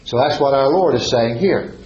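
A man's voice: medium pitch, normal speed, darkish tone. Man, sermon, emphatic preaching, roomy echo, faint background hiss. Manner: reads scripture in King James wording, then preaches with rising emphasis. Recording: roomy, slightly dull recording with faint noise.

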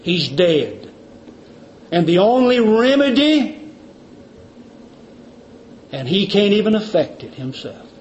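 A male preacher giving a sermon in an emphatic, repetitive way, sometimes dropping to quiet intensity. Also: high-pitched, very animated, takes it slowly, long pauses. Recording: dull lo-fi recording.

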